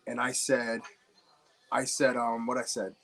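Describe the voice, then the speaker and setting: A man's voice: medium pitch, monotone, a little slow, creaky, fairly bright tone. A young man from New Jersey hosting a casual livestream, chatting with viewers and telling rambling stories while he builds. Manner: rambling anecdotal storyteller, chats with viewers. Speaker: livestream host.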